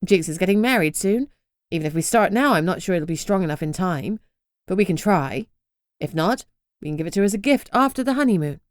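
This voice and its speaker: Woman doing a bossy young witch, brisk and clipped, dry close audiobook sound. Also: lowish voice, expressive, no echo, close to an everyday voice. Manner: curt and brisk.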